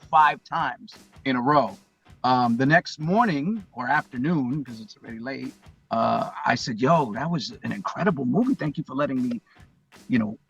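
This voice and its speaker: A man's voice: mid-range voice, slightly rough. A man, a guest on a podcast, telling a long story casually and acting out what people said. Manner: animated storyteller, acts out quotes. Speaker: guest, hip-hop intro performer.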